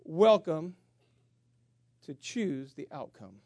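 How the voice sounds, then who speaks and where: A man preaching as a pastor, animated and humorous, jumping between loud emphasis and quiet asides. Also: sits high, a little fast, dry recording. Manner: humorous storytelling with self-mockery. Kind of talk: sermon.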